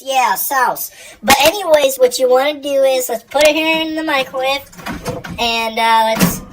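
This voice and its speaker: A woman's voice: a little high, a bit bright, a little hiss or hum, rough recording. A woman hosting a casual comedic cooking video, rambling, joking and stumbling over her words. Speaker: cooking show host.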